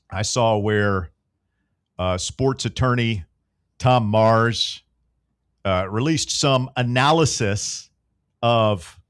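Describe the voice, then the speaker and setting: A man's voice: mid-range voice, no echo, studio quality. A man hosting a sports talk radio show, trading sarcastic, needling banter with his co-hosts.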